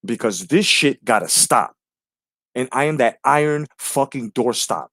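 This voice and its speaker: A man's voice: medium pitch, lively intonation, measured pace, fairly bright tone, no echo, studio quality. A man hosting a live stream, ranting brashly and profanely while greeting viewers in the chat.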